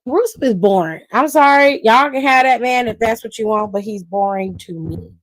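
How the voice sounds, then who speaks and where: A woman's voice: a little high, normal speed, no echo, poor audio. A woman hosting a casual wrestling aftershow stream, recapping matches in a sassy, profane way and laughing often.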